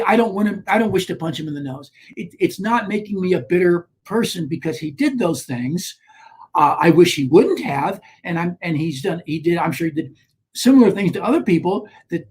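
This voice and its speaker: Animated man telling a personal story. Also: high-pitched, husky. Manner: animated, with frequent restarts and rising emphasis. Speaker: guest, author on shame.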